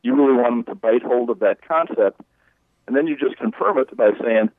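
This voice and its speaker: A man's voice: medium pitch, brisk, no echo. A leadership coach explaining his approach in an interview, in a folksy, conversational way. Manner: folksy, conversational, acts out client quotes. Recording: tinny phone line.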